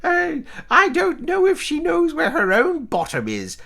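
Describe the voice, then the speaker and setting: Player playing doting old great-aunt, rambles on, high and very lively. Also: measured pace, vocal fry, exaggerated voice. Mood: rambling fond. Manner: rambling, meandering storytelling.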